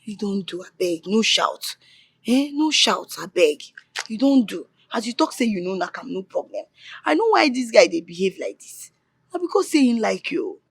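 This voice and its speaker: A man's voice: sits high, sing-song, moderate pace, gravelly, husky, no room sound, full character voice. A soothing Nigerian man. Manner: coaxing, soothing Pidgin speech. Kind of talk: film drama acting.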